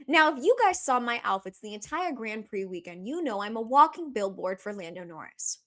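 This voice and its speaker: A woman's voice: fairly high pitch, animated, brisk, hardly any pauses, a bit bright. A young woman telling a story in casual chat as a podcast guest, chatty and profane, full of "like" and "okay".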